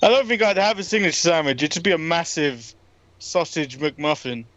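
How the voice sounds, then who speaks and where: A man's voice: a little high, expressive, moderate pace, a bit bright, no room sound, highs cut off. A man co-hosting a casual watch-along chat, tossing out dry wisecracks. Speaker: co-host.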